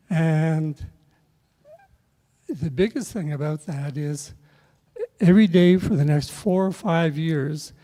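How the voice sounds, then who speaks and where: An older man telling a rambling personal story at a memorial service, halting with many filler pauses and restarts. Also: a little high, mellow. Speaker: speaker sharing a memory at a memorial. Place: event room at a memorial service. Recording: long reverb of a large hall.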